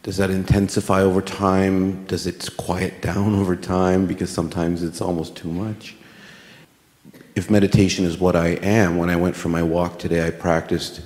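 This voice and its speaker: A man from the audience asking a hesitant question in a halting, earnest way, searching for words. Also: deep voice, little pitch movement, a little mellow. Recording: echoey hall with long reverb.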